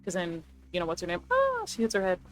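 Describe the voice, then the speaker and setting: A young woman chatting casually as a video creator, rambling and excitable, correcting herself as she pitches ideas. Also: quick pace, soft background music. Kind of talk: casual chat, movie rewrite ideas.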